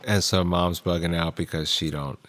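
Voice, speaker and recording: A man's voice: low-pitched, steady tone, normal speed, a bit bright. A man co-hosting a casual podcast, talking in a loose, slangy and profane way. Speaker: podcast co-host. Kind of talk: casual chat.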